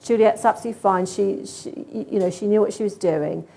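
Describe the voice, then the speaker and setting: Woman giving a conference talk, lively and expressive, warm mellow tone. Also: mid-range voice, a little fast, creaky. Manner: lively, expressive, acts out animal thoughts. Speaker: conference speaker on cat behaviour.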